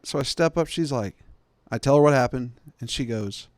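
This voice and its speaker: A man's voice: mid-range voice, a little fast, a little mellow, no echo, clean studio sound. A man in his thirties hosting a podcast, telling a wild personal story in a casual, emphatic way and laughing as he goes. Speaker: podcast host.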